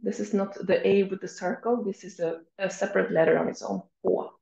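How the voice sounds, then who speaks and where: A Swedish woman with a Swedish accent teaching vowels slowly and clearly, drawing out each sound she models for students to repeat, her voice a little shaky from a cold. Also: mid-range voice, fairly even intonation, darkish tone. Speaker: language teacher. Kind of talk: slow, clear teaching with repeat-after-me drills. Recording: echoey room, slightly dull sound.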